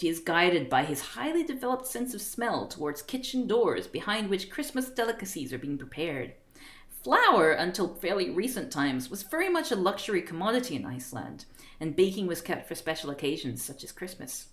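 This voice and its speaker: A woman's voice: lowish voice, very animated, normal speed. A woman streamer reading a book aloud on a live stream, breaking off with giggling asides and stumbling over unfamiliar words.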